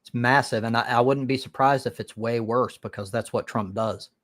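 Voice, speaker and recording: An American man hosting a live stream, swearing freely and rambling through restarts. His voice sits at an everyday middle pitch. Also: fairly even intonation, normal speed, a bit bright. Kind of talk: casual crude chat.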